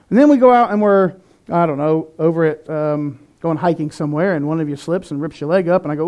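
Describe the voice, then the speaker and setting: A man's voice: on the high side, quick pace, darkish tone. A man preaching a sermon in an earnest, conversational way, with some restarts. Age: adult, past eighteen.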